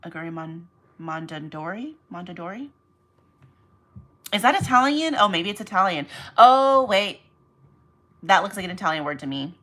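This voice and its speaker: A woman with a fairly low voice and a bright, forceful tone chats casually on a livestream as she packs orders. She rambles and drifts onto tangents, calling out to her viewers by name. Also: expressive, quick pace, hardly any pauses, poor audio. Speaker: online reseller livestream host. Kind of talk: casual livestream chat while packing orders.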